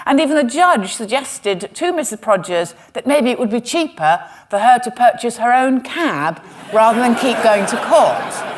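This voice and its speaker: A woman comedian telling a history story on stage with wry, sarcastic asides. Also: on the high side. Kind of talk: stand-up storytelling talk. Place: stage in a museum.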